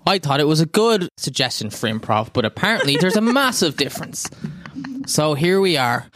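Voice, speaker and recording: A man playing a tabletop game, joking in an animated, mock-exasperated way. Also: fairly high pitch, normal speed. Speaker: player. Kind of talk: comedic improv.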